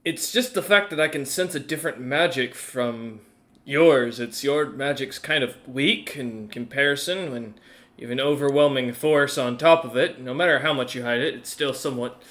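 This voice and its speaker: A man's voice: medium pitch, moderate pace, a bit bright, voice pushed down, close to an everyday voice. A man voicing a weary, disgusted mage. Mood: lecturing. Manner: sighing, weary complaints. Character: exasperated male magic user, disgusted by a stench.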